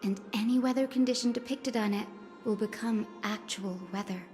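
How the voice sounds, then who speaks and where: An earnest young companion from a video game explains her surroundings with curious care, as a woman voices her. Her voice sits a little high. Soft game music hums underneath. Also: steady tone, normal speed, big-room sound, natural voice. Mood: explaining.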